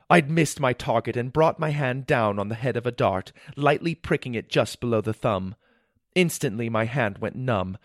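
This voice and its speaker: A man tells a storybook adventure with lively, dramatic delivery, mouthing the sound effects himself. His voice sits at an ordinary pitch, and the recording is close and dry. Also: no room sound. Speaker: narrator. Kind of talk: scripted storybook narration.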